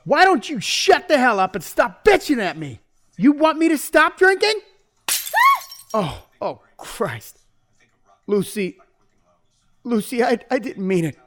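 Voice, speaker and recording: Man voicing a troubled prisoner, husky, slow, lively pitch, lashing out then remorseful. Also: exaggerated voice. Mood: volatile. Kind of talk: audio drama with first-person narration.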